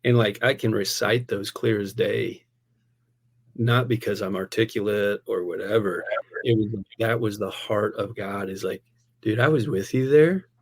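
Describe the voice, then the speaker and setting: An animated pastor telling a story. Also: male voice, on the low side, a little slow, husky. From United States. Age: adult, a parent. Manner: animated, laughing storyteller peppering speech with "like" and "man". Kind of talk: casual storytelling conversation.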